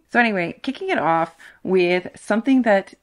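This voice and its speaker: Speaking at normal speed with a medium, animated voice, a woman booktuber talks to camera about her reading goals. She's casual, self-mocking and emphatic, recorded at home on a sensitive ASMR-style condenser mic.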